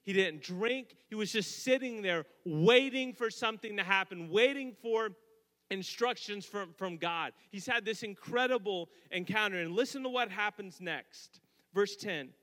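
A man's voice: sits high, unhurried, sharp tone. A man preaching a sermon, retelling a scripture story with casual asides and dramatic emphasis. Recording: long hall reverb.

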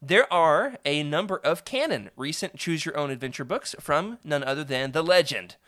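A man's voice: on the high side, lively intonation, moderate pace, a bit bright. A man hosting a live stream, chatting upbeat with viewers and reading a storybook aloud with frequent laughs. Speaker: host.

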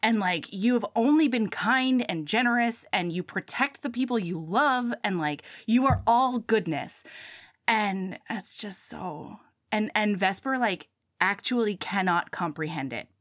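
A woman casually retelling a book's plot, acting out the characters' lines in quick bursts. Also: mid-range voice, dry recording, studio quality. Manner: animated retelling, acts out dialogue. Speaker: podcast co-host. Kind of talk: casual book chat.

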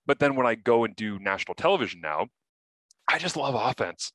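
A man who calls football games, chatting casually and telling animated stories on a sports podcast. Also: medium pitch, brisk, dry recording. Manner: animated storyteller, swears casually. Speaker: sports broadcaster.

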